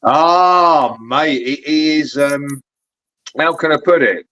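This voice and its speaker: A man's voice: on the high side, slow, pushed and bright, dry recording. A man on a live stream panel, talking in a laid-back, matey way. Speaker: panel guest. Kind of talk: casual chat on a live stream.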